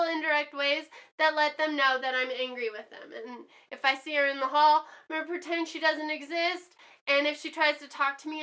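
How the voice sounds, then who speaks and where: A woman's voice: high voice, sharp tone. A woman teaching a lesson in a chatty way, acting out examples with many fillers. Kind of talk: classroom lesson.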